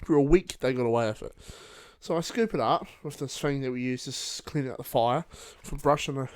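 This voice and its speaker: A man's voice: mid-range voice, fairly quick. A young man with a New Zealand accent, co-hosting a casual podcast and telling a story, swearing and laughing as he goes. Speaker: podcast co-host. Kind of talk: casual chat.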